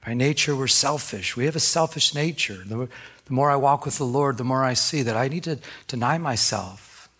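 A male pastor preaching a sermon, telling personal stories in an animated way and often restarting his sentences. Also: medium pitch, moderate pace, breathy edge. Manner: animated storytelling, self-correcting restarts.

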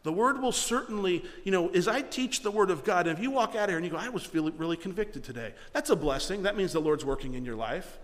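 A middle-aged man preaches to his congregation, earnest and emphatic, pushing some phrases hard and letting others fall quiet. His voice sits a little high for a man. The sound carries a long reverb from the church hall around him. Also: lively intonation, quick pace, few pauses. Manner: earnest, emphatic preaching with rising and falling volume. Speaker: pastor. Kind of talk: sermon.

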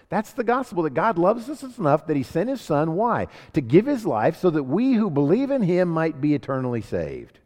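A man's voice: fairly high pitch, darkish tone. A man preaching a sermon as pastor, asking rhetorical questions and building emphasis. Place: church sanctuary. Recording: long hall reverb.

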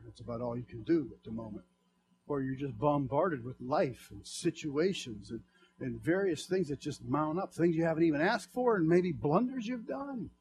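A man preaching a sermon, swinging from hushed, low asides to fervent shouted climaxes. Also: slight background noise.

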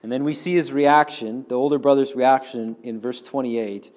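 A man's voice: medium pitch, steady tone, normal speed, hardly any pauses, darkish tone. A man preaching a sermon, earnestly explaining and speaking directly to the congregation.

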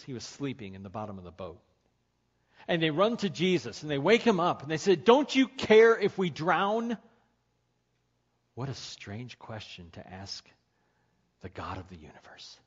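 A man preaching a sermon as pastor, moving from hushed, quiet passages to impassioned, pleading climaxes. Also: fairly low pitch, breathy edge, highs cut off.

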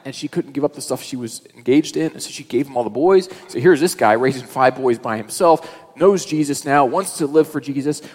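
A man's voice: mid-range voice, long reverb tail, poor audio. A male pastor preaching a sermon in a conversational, storytelling way.

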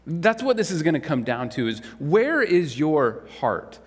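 A man delivers a Sunday sermon in an easy, conversational manner, tossing rhetorical questions to the congregation. His voice sits a little high for a man, and a long reverb trails his words around a large church hall. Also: big pitch swings, unhurried, husky. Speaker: pastor.

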